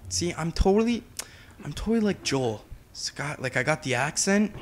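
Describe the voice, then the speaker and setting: A man giving chatty, excitable commentary while he plays a video game. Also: a little high, slight background noise. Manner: excitable, chatty, quick to exclaim. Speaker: gameplay commentator. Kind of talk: casual let's-play commentary.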